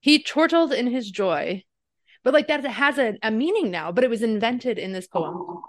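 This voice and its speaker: A woman's voice: on the high side, lively intonation, normal speed, dry recording, clean studio sound. A woman co-hosting a podcast, chatty and giggly, rambling through tangents in casual talk. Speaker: podcast co-host.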